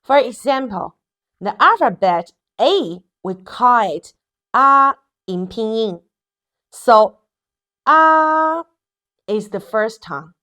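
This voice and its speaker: A young woman with a Chinese accent teaches in an unhurried, measured way. Her voice swings up and down with bright, animated pitch as she stretches out each tone for learners to copy. She speaks Mandarin as her first language. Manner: slow, drawn-out modelling of tones for repetition. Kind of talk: online language lesson.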